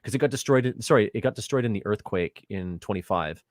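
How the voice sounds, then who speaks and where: A middle-aged man on a video call interview, telling stories in a rambling, self-deprecating, animated way through a home microphone. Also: fairly low pitch, quick pace, dry recording, studio quality. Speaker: guest, theatre artistic director. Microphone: home USB microphone on video call.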